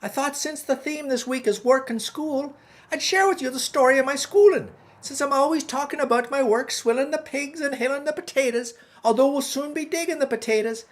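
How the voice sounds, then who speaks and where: Woman playing a middle-aged Irish farmer man, stage Irish accent, high voice, folksy, rambling storyteller. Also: brisk, natural voice. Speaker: guest host. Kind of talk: comic monologue in character.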